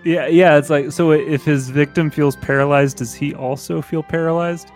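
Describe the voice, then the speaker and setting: A man's voice: a little high, fairly even intonation, soft background music. A man co-hosting a podcast, chatting casually and jokingly as he reads fan fiction aloud. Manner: joking, breaks into laughter and quick put-on voices. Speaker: podcast co-host.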